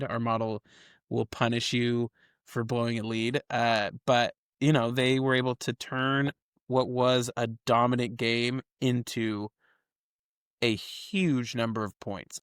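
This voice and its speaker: A man talks through football rankings in an easy, chatty podcast voice, laying out his reasons one point at a time. His voice sits at an ordinary middle pitch. The sound is close and dry, with no room echo. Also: measured pace, fairly bright tone, clear, resonant tone. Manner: explains the model's logic at length, builds points step by step. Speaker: co-host of a college football ratings show. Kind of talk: casual podcast chat.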